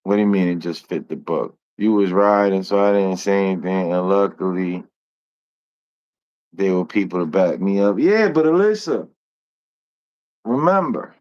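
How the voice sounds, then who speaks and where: A man's voice: sits low, moderate pace, long pauses, dull audio. A young man hosting a casual live stream, talking in a laid-back, slangy way and swearing freely. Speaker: livestream host.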